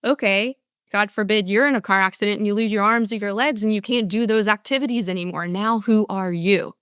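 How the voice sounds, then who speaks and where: A woman's voice: mid-range voice, fairly quick, fairly bright tone, clean tone, dry recording, clean studio sound. An older woman giving a motivational talk as a speaker and coach, earnest, often restarting and acting out answers from her audiences.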